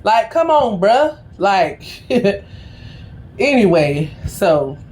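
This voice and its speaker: A woman's voice: medium pitch, very animated, drawn-out words, a little mellow. A middle-aged woman, a tarot reader, telling a story in a casual, slangy and profane way before her reading.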